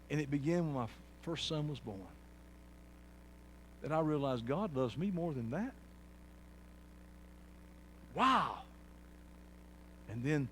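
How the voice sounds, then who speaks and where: A man preaching a sermon, swinging from quiet, low passages to loud, shouted peaks. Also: slight background noise. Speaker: pastor.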